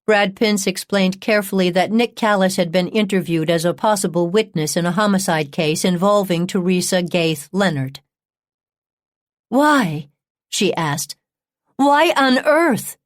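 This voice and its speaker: Woman reading a true crime audiobook, lowish voice, dry close sound. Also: fairly even intonation, normal speed, hardly any pauses, dry recording. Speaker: audiobook narrator. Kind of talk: scripted true-crime narration.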